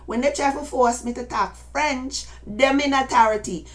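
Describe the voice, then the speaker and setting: A woman's voice: high-pitched, moderate pace, hardly any pauses. Insistent older woman talking to followers. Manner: insistent, rambling, speaks directly to listeners. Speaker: speaker addressing followers. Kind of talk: casual monologue.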